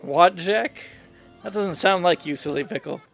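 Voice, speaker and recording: A man with a notably high speaking voice plays through a story game. He reads every character's lines aloud in his own playful manner, in a casual, off-the-cuff playthrough style. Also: measured pace, vocal fry, fairly bright tone, soft background music. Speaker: gamer reading dialogue aloud.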